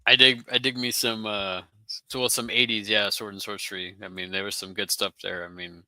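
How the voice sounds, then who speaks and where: A man hosting a relaxed video-call chat, reading out viewer comments in a laid-back way. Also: fairly low pitch, a little fast, no echo. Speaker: host.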